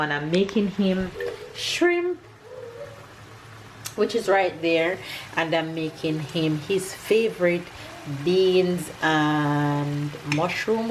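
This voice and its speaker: A woman with a Jamaican accent chatting casually in her home kitchen for a vlog, relaxed and tired, laughing easily. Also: fairly low pitch. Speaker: vlogger and mother. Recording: echoey kitchen with background noise.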